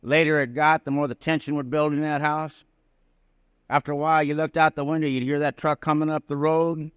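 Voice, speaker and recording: A man's voice: a little high, little pitch movement, fairly quick, a bit bright, clear, resonant tone, no room sound, highs cut off. A man speaking at a recovery convention, telling his own story in a folksy, plain-spoken way with down-home grammar. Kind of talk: personal recovery story told to a live audience. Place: prison hall.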